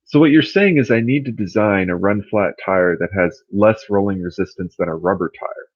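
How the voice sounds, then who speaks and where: A man hosting a casual livestream, rambling and thinking out loud as he answers his chat. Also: fairly low pitch, normal speed, dry recording, muffled recording. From California.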